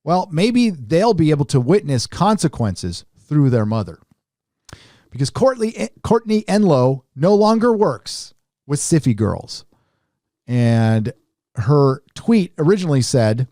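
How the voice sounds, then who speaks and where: A man's voice: fairly high pitch, big pitch swings, moderate pace, a little mellow, no room sound, clean studio sound. A middle-aged man hosting a casual commentary show, talking in a sarcastic, mocking way. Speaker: host.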